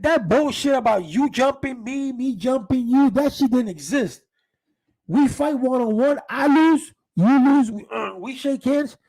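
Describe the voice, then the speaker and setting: A man telling profane street stories in a casual, animated monologue, full of restarts. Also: very high voice, low-quality recording. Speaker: podcast host.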